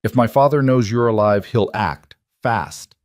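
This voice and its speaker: A possessive, intense young mafia boss giving orders with controlled force, as a man reads him. His low voice is dry and close. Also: animated, a little slow, a little mellow, no room sound. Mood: commanding. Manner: intense, commanding.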